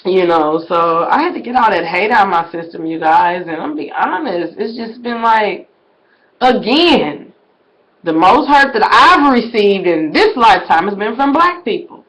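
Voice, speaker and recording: A woman vlogs casually in a medium-pitched, expressive voice at a slightly slow pace, calling out to her viewers as "y'all." Her delivery ranges from whispered asides to shouted exclamations, captured on a low-quality recording.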